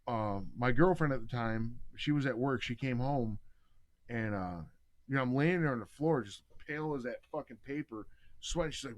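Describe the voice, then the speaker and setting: A man on a casual podcast, telling a story in a lively, swearing way. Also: mid-range voice, brisk, low-quality recording. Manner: profane, animated storyteller. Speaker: podcast host.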